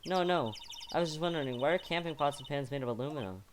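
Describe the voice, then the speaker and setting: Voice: expressive, fast talker, background noise, close to an everyday voice. A voice actor playing a perky, curious young woman sidekick in a fan voice-over of a game. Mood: playful. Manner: bright, chirpy, raised pitch.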